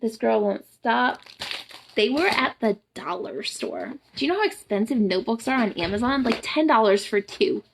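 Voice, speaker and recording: A young adult woman with a Southern US accent and a raised voice with a gravelly, fry-laced edge. She talks straight to camera on a live stream, blunt and profane, piling up emphatic questions and rants as she cheers her viewers on. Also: a little high, sing-song, moderate pace, noisy background. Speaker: boudoir photographer and empowerment coach. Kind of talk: casual live-stream pep talk.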